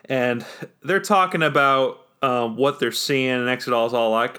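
A man's voice: medium pitch, measured pace, bright, forceful tone, clean tone. A man narrating a tabletop role-playing session as game master, rambling with many fillers. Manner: rambling, full of fillers and restarts.

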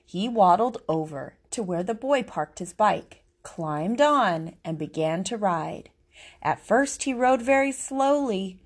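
A woman reading a picture book aloud, expressive, giving each animal its own voice. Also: mid-range voice. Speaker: storybook reader.

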